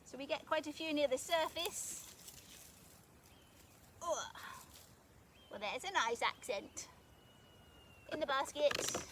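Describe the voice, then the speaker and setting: High-voiced woman chatting in a garden. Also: expressive, slow pace, pauses often, a bit bright, slight background noise. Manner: chatty, thinking aloud, cheerful. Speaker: gardening vlogger. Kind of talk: casual narration while digging. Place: garden outdoors.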